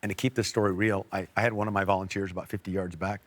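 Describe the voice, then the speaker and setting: An American man telling a personal story on a faith talk show, earnest, with quiet and emotional stretches. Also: sits low, level tone, very fast, dry recording. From United States. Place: TV studio.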